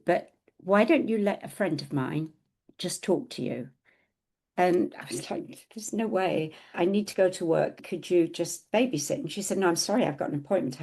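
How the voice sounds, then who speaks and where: A middle-aged woman co-hosting a podcast, telling a personal story in a casual, animated way and acting out the quoted dialogue. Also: on the low side, gravelly.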